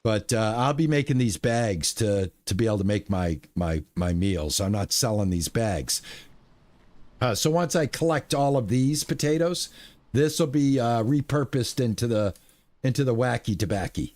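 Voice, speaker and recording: A man's voice: medium pitch, animated, moderate pace, darkish tone. A man streaming a video game, talking through his play in a rambling, playful way with goofy exclamations. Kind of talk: casual gameplay commentary.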